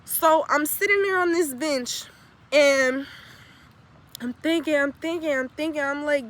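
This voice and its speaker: A woman's voice: high-pitched, a little slow, fairly bright tone. A young woman telling a confessional story in a blunt, profane, emphatic way that repeats phrases for weight. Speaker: spiritual vlogger.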